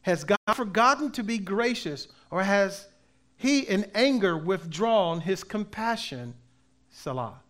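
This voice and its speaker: A man preaching a sermon as pastor, with emphatic delivery that swings between loud and soft and slow readings of scripture. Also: sits high, expressive. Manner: reads scripture aloud slowly.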